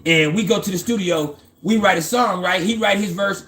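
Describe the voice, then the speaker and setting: A man's voice: high voice, normal speed, fairly bright tone. Streetwise man telling a profane story. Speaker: astrology channel host. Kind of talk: casual personal storytelling.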